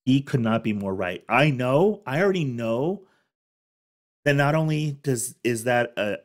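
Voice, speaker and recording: A man's voice: mid-range voice, lively intonation, a little slow. A man in his thirties hosting a reaction video, chatting casually, restarting sentences, laughing and groaning. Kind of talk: casual commentary.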